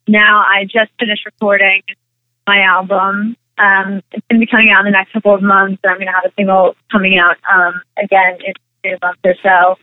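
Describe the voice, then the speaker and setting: A woman's voice: medium pitch, no room sound. A young woman guest in a casual interview, rambling with lots of "like" and "um" as she tells stories. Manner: rambling, full of "like" and "um", animated retelling. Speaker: interview guest, actress and singer. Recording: tinny phone-like line.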